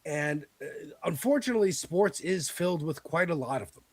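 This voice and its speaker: A man's voice: on the high side, animated, normal speed, no echo. An American man hosting a podcast, talking loosely about politics and celebrities, laughing and swearing. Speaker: podcast host. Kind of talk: casual political chat.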